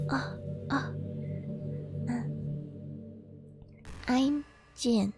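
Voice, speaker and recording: A woman's voice: high-pitched, animated, takes it slowly, music in the background. A woman live-streaming, chatting casually and reading chat aloud, gushing with delight and giggling often.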